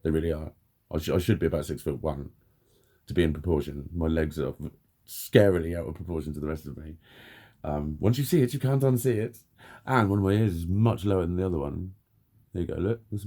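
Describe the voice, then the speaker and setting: A man's voice: on the low side, mellow, breathy edge. A man in a heated, blunt personal rant, swearing constantly as he tells his story to camera. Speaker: vlogger.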